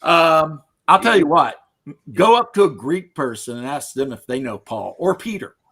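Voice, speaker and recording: A man's voice: on the high side, sing-song, moderate pace, bright, forceful tone, breathy edge. A man chatting casually on a podcast, who laughs often and tells jokes in a rambling way. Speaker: podcast host. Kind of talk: casual chat.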